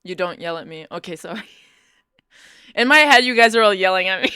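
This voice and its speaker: A woman's voice: medium pitch, expressive, normal speed, pauses often, bright, forceful tone, clear, resonant tone, no room sound, clean studio sound. A young woman chatting casually with her live-stream audience, playful and teasing, laughing often. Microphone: Bluetooth headphones.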